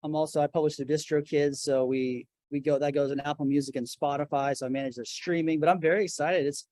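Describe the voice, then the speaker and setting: A man's voice: a little high, steady tone, quick pace, darkish tone, dry recording. Earnest man, dry close sound. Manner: earnest, speaks of his faith, many restarts. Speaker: guest, record label founder. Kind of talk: casual interview. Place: his office.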